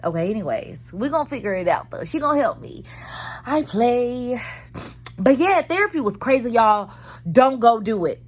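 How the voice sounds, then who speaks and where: Recorded in her car, a woman in her thirties, a vlogger, gets candid and dramatic with viewers about therapy, using lots of slang in a casual chat. She speaks at a normal speed in a slightly high, sing-song voice.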